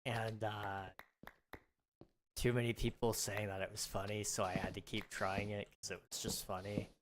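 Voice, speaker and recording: A hoarse man losing his voice, rambling and self-mocking while chatting casually on a livestream. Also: on the low side, level tone, normal speed, background noise. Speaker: game streamer. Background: music.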